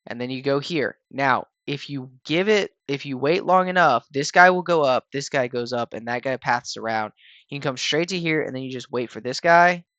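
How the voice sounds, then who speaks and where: A man casually talking viewers through a video game raid fight in a relaxed, rambling way, with lots of fillers and restarts. He sounds a little tired. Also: medium pitch, normal speed, no echo, dull audio. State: tired, yawning. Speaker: gaming channel host explaining a raid. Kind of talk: casual gameplay walkthrough voice-over.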